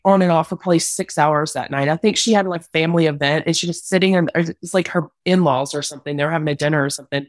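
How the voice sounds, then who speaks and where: A woman's voice: lowish voice, no echo. A young adult woman recounting a painful personal ordeal as a podcast guest, candid and rambling with many "like"s. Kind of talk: emotional personal account.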